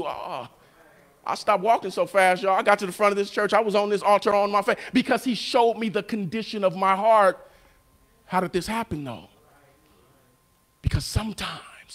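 Pastor guy preaching, pretty high voice, keeps checking in w the congregation, soft then loud. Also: lively intonation, fairly quick. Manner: call-and-response preaching, storytelling, swings from soft to loud. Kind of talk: sermon.

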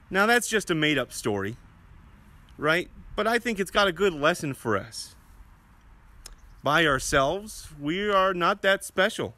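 A man with a slightly raised voice giving a children's sermon. He tells the story gently and often asks the children questions. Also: high-pitched, big pitch swings, a little slow, pauses often, dry recording. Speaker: children's message leader.

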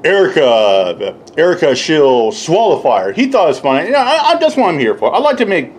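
A man rants in a loose, rambling way, profane and mocking, often breaking into laughter. His voice sits a little high and swings widely in pitch. A faint hiss runs under the recording. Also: big pitch swings, fairly quick. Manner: mocks others in high put-on voices. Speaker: YouTube commentator. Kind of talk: casual rant.

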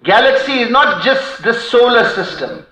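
A man preaching a sermon with passion, breaking into fast Arabic recitation of poetry, recorded in a mosque hall. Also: very high-pitched, animated, sharp tone. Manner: impassioned, quotes Arabic poetry in rapid recitation. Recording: echoey hall.

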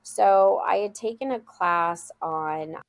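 A woman's voice: on the low side, slow pace, dry recording. A woman school leader, a guest on an interview show, telling a heartfelt story in an earnest, conversational way over a video call. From USA.

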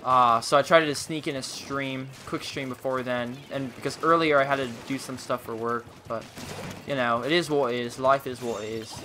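Young male game streamer, excitable, bright voice, chatty with chat. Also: mid-range voice, moderate pace, slight background noise. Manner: excitable, reacting loudly to the game, chatty with viewers. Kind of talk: casual live-stream gameplay chat.

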